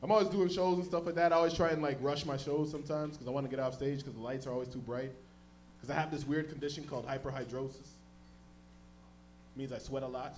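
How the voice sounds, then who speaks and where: A man from the Toronto area doing a stand-up comedy set on a club stage, telling stories loudly and jumping into high-pitched voices for other characters. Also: brisk, slight background noise. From Toronto area, Canada. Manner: loud, animated storytelling, jumps into high-pitched voices for characters.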